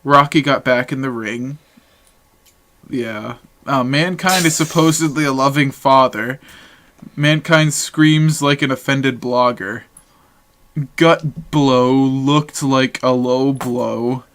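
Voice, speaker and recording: A man's voice: medium pitch, slow pace, fairly bright tone. A young man from Massachusetts co-hosting a casual podcast, reading from his jokey notes and putting himself down with a laugh. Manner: reads jokey notes, self-deprecating, laughs often. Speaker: podcast co-host. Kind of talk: casual chat.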